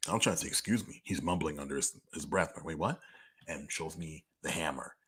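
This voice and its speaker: Very deep husky young man, candid. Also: brisk, a bit bright. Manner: candid, profane, conversational with frequent "like". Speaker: podcaster answering listener questions. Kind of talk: casual monologue.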